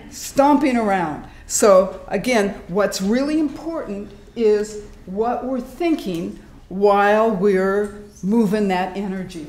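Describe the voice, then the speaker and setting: A woman presenting a live workshop in a hospital meeting room, animated and demonstrative, acting out sounds and inner voices as she teaches. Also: medium pitch. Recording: echoey room, faint background noise.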